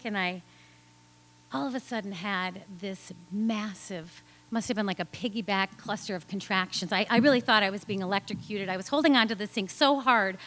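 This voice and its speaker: A woman with a bright, ringing voice sitting a little high in pitch tells a true story from her own life to a live audience. She is animated, laughs often, and slips into different voices whenever she quotes someone.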